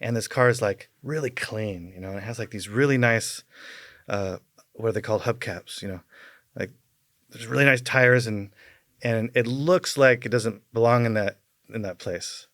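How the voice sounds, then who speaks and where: Man, podcast guest, casual storytelling, rambling with fillers, mid pitch, dry close mic. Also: moderate pace, a bit bright, dry recording. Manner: rambling, many fillers, chuckles through the tale.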